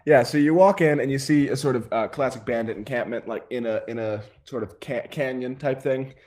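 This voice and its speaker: A man's voice: mid-range voice, fairly quick, a little mellow. A man narrating as game master, rambling with many fillers and laughs. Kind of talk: improvised tabletop game narration.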